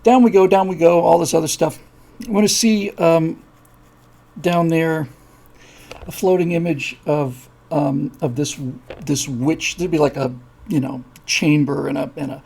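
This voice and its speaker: Gravelly, husky male show host. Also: a little high, fairly even intonation, moderate pace, dark tone. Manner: rambling, many fillers, acts out voices in his stories. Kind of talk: casual live-show storytelling.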